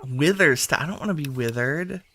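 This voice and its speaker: A man's voice: on the high side, animated, a little fast, a bit bright, a little hiss or hum. A man giving casual gameplay commentary as a video host, chatting and thinking aloud to himself while he sorts things.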